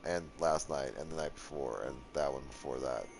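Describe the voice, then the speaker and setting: A man's voice: a bass voice, normal speed, creaky, soft background music. A young man streaming a game, tired and rambling, with sarcastic asides and lots of swearing. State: worn out from a long session. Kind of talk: casual gaming commentary.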